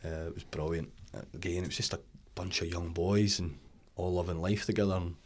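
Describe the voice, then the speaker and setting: A Scottish man in his forties, a former footballer guest on a podcast, telling lively stories, swearing freely and laughing often. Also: low voice, brisk. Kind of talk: casual podcast interview.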